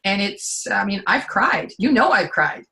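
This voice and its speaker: A woman giving a client testimonial in casual conversation, chatty and animated as she tells her stories. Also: medium pitch, unhurried.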